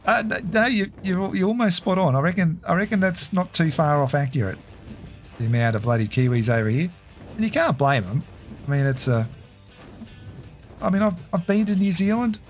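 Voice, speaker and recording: Australian male streamer, slightly high voice, relaxed and chatty, quick to laugh, faint music in the background. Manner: chatty, laughs often, responds to viewer chat. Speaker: game streamer. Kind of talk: casual livestream chat while playing.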